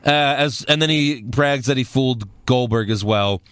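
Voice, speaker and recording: Bright-voiced man recapping wrestling. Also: mid-range voice, moderate pace, clear, resonant tone, dry recording, clean studio sound. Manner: storytelling recapper, wry. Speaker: podcast co-host. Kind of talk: casual wrestling recap chat.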